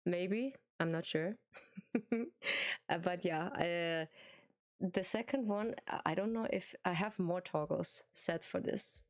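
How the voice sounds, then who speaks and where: Slow-talking German-accented woman streamer. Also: lowish voice. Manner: hesitant, giggly, many fillers and restarts. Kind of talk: casual live-stream chat.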